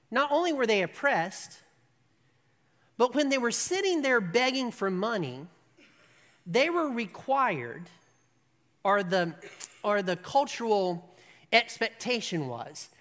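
A preacher retells a scripture story in a relaxed, conversational way, often turning to the audience with questions. The voice sits at a middle pitch. A long reverb hangs behind every phrase, as in a large hall. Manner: conversational storytelling, checks in with the audience and acts out scenes. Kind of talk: sermon.

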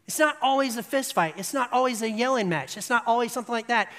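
An animated preacher tells a story, building to emphatic peaks and checking in with the listeners. The voice sits at a middling pitch and carries a long, echoing hall reverb. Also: fast talker. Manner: asks the audience "right?". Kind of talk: sermon storytelling.

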